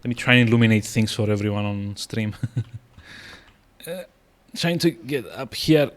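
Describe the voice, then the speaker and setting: A man's voice: fairly low pitch, lively intonation, moderate pace. A man streaming a video game, rambling with lots of fillers and restarts as he plays. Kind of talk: casual gameplay commentary.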